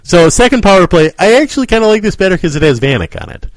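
Co-host, male, wry and quick, expressive pitch, dry studio mic. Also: no echo, low-quality recording. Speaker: podcast co-host. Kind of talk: casual sports chat.

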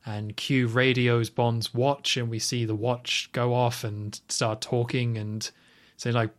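A man's voice: mid-range voice, little pitch movement, slow. A man in casual conversation about a film, recapping the plot with wry asides. His voice sits in the middle range. He acts out lines from scenes in passing. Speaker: podcast co-host. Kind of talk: casual film review chat.

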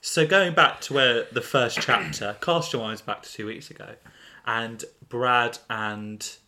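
A man's voice: mid-range voice, unhurried, pushed and bright. A man hosting a podcast, giggling as he reads his own comic fan fiction aloud and bantering. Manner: giggly, often breaks into laughter. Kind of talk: comic story reading and banter.

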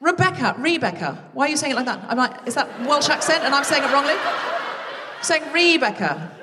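A woman hosting a live comedy podcast, chatting and teasing the audience from a theatre stage with quick asides. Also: high-pitched, expressive, heavy background noise. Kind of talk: live stand-up crowd work. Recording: live theatre recording with long reverb.

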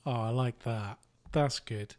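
A man's voice: mid-range voice, takes it slowly. Joking English man on a movie podcast. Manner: jokey, laughs often, slips into put-on voices. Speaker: podcast co-host. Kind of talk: casual movie podcast chat.

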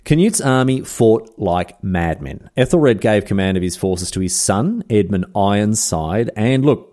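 A man hosts a history podcast in a casual, irreverent style. His voice is mellow and warm, and his pitch rises and falls constantly as he tells the story. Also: animated, a little slow. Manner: chatty and irreverent, full of slang asides. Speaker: podcast host.

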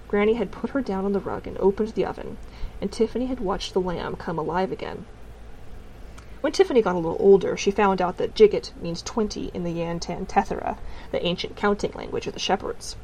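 A woman narrating a storybook in a calm, gently wry telling. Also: medium pitch, slight background noise, rough recording. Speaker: audiobook narrator.

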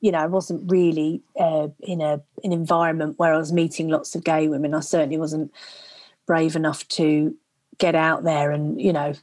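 A woman from England, an actress and comedian telling her story as a podcast guest, halting and repeating herself. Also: low-pitched, level tone, a little mellow, no echo. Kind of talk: casual interview chat.

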